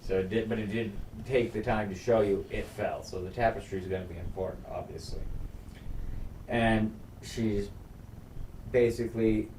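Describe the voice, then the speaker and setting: A man's voice: on the low side, steady tone, normal speed, a little mellow. A man in casual podcast chat, retelling a TV episode in a rambling, profane way with lots of restarts. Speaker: podcast co-host. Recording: echoey room, distant mic, faint noise.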